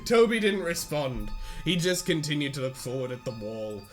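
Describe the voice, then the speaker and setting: A man with a slightly high voice reads a story aloud in a casual podcast, slipping in sarcastic jokes and frequent laughs. His tone moves between mock-serious narration and banter. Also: sing-song, moderate pace, soft background music. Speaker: reader and co-host. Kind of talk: reading a story aloud with joking asides.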